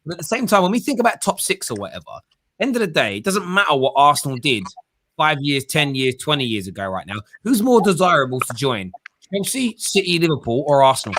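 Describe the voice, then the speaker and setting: A man's voice: on the high side, very animated, a little fast, a bit bright, dry recording. A man hosting a live football debate stream, thinking aloud and changing his mind as he talks. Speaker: show host.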